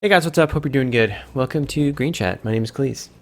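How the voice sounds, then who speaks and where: A man's voice: a little fast, loud music behind the voice. A man hosting a casual solo video chat for a game community, rambling and correcting himself, playful with made-up words. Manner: acts out fans' reactions with sudden pitch jumps.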